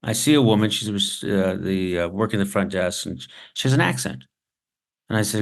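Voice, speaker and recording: A man giving a masterclass on writing, telling anecdotes with dramatic pauses. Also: fairly low pitch, gravelly. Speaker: writing instructor. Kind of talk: masterclass storytelling lesson.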